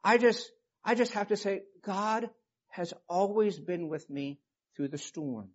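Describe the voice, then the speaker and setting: A man's voice: animated, a little slow. Emotional man preaching, muffled recording. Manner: emotional storytelling, rising to impassioned scripture reading. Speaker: pastor. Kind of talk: sermon. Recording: muffled low-fidelity recording.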